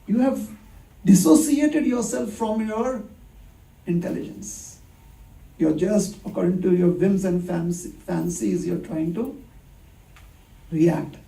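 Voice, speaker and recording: A man's voice: sits high, slow pace, gravelly, pauses often, warm tone. A man giving a conversational sermon, telling stories with rhetorical questions and acted-out dialogue. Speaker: preacher. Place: temple hall. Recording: echoey hall, distant mic.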